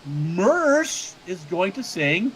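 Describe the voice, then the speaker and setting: A man's voice: sits high, sing-song, drawn-out words, crowd noise, rough recording. A man co-hosting a casual livestream chat, rambling and joking with many stammered restarts. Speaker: co-host.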